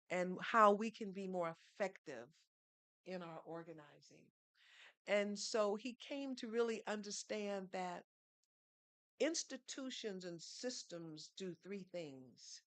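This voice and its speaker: In this storytelling conversation, a podcast guest recounts her experiences earnestly and with a teaching bent, throwing in rhetorical questions. Her voice sits at a medium pitch with a fairly bright tone, and there's no echo.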